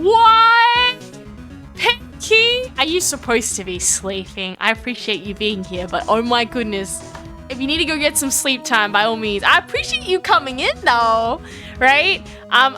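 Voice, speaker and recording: Young female streamer, high bright voice, excitable and chatty, faint music behind. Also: a little fast. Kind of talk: live game stream, reading dialogue aloud.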